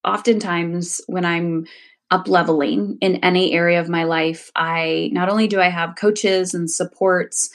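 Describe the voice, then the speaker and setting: A woman's voice: fairly low pitch, fairly even intonation, measured pace. A woman in her forties, a coach, speaking candidly and reflectively as an interview guest, laughing easily. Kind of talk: casual interview conversation.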